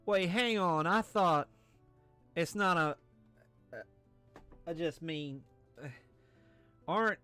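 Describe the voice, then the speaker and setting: A man's voice: a little high, takes it slowly, long pauses, bright, forceful tone, smooth, soft background music. A tipsy man streaming a game, rambling, self-mocking and crude as he talks to his chat. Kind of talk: drunken game commentary.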